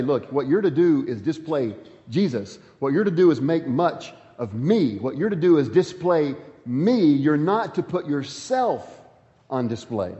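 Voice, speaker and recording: Reading from scripture and pressing his points, a preacher rises and falls sharply in an emphatic sermon full of big swings in pitch and loudness. His voice is mellow, and the lo-fi recording carries a long reverb tail.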